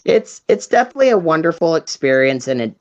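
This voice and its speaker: A man speaking as a guest in a casual live chat, earnest and explanatory with halting fillers. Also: fairly high pitch, big pitch swings, highs cut off. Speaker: guest, tarot reader and medium.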